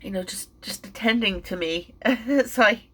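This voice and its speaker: A middle-aged woman telling an emotional personal story, halting, with many fillers and restarts, and sounding tearful and shaken. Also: mid-range voice, a bit bright, slightly rough. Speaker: vlogger and mindfulness teacher.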